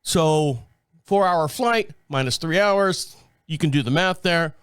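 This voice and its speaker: Lively man telling a travel story. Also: a little high, takes it slowly, smooth, no echo, clean studio sound. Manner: animated, profane, laughs often. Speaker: podcast host. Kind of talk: casual storytelling.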